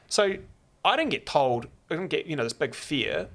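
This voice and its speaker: A gravelly-voiced New man tells stories in a casual chat from a studio inside a computer store. His voice is a little high and his pace moderate, and he's animated, acting out quotes and restarting often.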